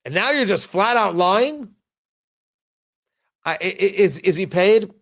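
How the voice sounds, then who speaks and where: Male commentary host with a high-pitched voice, sarcastic and exasperated, halting restarts. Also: animated, fairly bright tone. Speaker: talk show host. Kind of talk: political commentary show.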